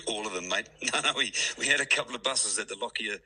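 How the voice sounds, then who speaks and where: A man's voice: fairly low pitch, a little fast, bright, forceful tone, breathy edge, rough recording. A middle-aged man with a New Zealand accent, a club president chatting on a radio interview, hesitant with many fillers. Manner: hesitant, lots of fillers, laughs easily.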